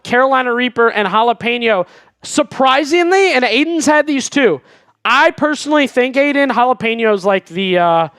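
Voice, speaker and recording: A man's voice: very high-pitched, bright, forceful tone, clean tone, dry recording, studio quality. A man hosting a live sports stream in casual chat, reading viewer messages and chatting about the team. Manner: chatty, reads viewer super chats aloud. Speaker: sports show host.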